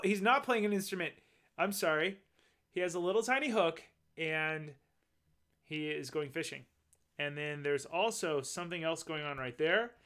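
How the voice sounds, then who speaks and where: High-voiced man reading a storybook. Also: a bit bright. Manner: chatty, points out details in the pictures. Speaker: storybook reader. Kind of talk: reading a picture book aloud.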